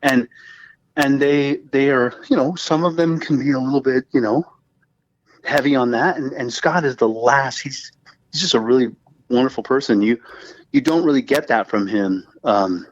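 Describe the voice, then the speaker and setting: A man who is a guest musician on a podcast, telling stories in a rambling, animated casual chat full of fillers. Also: medium pitch, moderate pace, dry recording, lo-fi sound.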